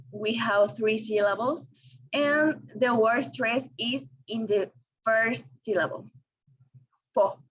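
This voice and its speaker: A young woman with Spanish as her first language, giving a careful, deliberate lesson presentation in English. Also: on the high side, a bit bright. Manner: careful, deliberate, with small restarts. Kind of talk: read-aloud lesson presentation. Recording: dull lo-fi recording.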